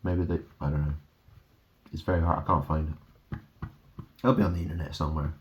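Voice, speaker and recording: A man's voice: a bass voice, little pitch movement, fairly quick, slight background noise. A man in a rambling monologue, drifting through wordplay and trailing off. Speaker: vlogger. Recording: dull lo-fi recording.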